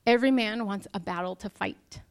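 A woman's voice: mid-range voice, brisk. A young woman preaching a sermon to her church, earnest and emotional as she speaks to the congregation.

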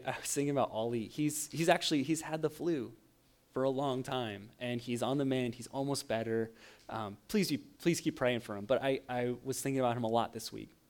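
A young adult man, a pastor, preaching a sermon with animated storytelling and frequent laughs. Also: mid-range voice.

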